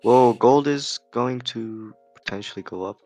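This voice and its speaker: A man co-hosting a trading stream in casual chat, slow and measured, chuckling often. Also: medium pitch, darkish tone, no room sound, soft background music.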